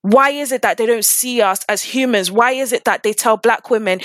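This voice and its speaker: A woman's voice: fairly high pitch, fairly bright tone, no echo. A woman in casual discussion, talking with passion and piling up rhetorical questions. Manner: impassioned, rapid rhetorical questions.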